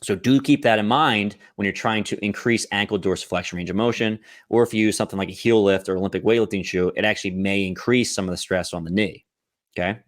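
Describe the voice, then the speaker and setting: A man's voice: fairly low pitch, steady tone, quick pace, no echo, clean studio sound. A man coaching on exercise technique, explaining step by step and checking in often with the listener. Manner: explanatory, checks in with "right?" and "okay?". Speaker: fitness coach.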